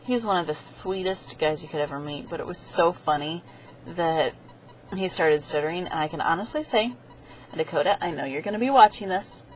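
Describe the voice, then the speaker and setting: Talking briskly in a lowish voice, a young woman rambles through a story for her webcam, chatty and performing the quoted voices herself. The lo-fi webcam audio is dull, with slight background noise.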